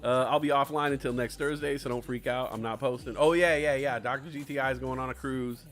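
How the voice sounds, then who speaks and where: A man's voice: mid-range voice, flat delivery, fast, a bit bright. A man hosting a live stream, chatting casually with joking, profane rambling. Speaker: stream host. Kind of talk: casual comedic chat.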